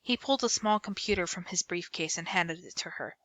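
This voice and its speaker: Bright-voiced woman reading a novel aloud. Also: lowish voice, fairly quick, dry recording. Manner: expressive storybook reading. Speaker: book reader.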